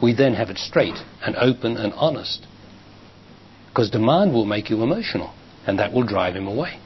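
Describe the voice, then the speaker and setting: An older man with an Australian accent, a spiritual teacher answering a question from the audience in a calm, emphatic way. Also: lowish voice, moderate pace. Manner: calm, emphatic, acts out quoted dialogue. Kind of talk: public talk answering a question. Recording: muffled 1990s live talk tape, faint hiss.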